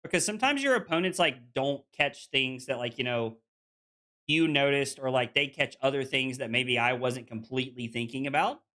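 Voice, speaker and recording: A man's voice: mid-range voice, normal speed, pushed and bright. A man streaming a card game, chatting casually with viewers and reading their messages aloud, with lots of fillers. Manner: chatty, full of "like" fillers, reads chat aloud.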